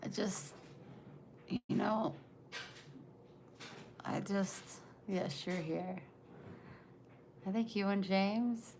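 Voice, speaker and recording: A woman's voice: mid-range voice, steady tone, extremely slow, long pauses, darkish tone, a little hiss or hum. A woman in her forties chatting casually on a livestream, greeting viewers and reading their comments aloud. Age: 40s. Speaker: livestream host.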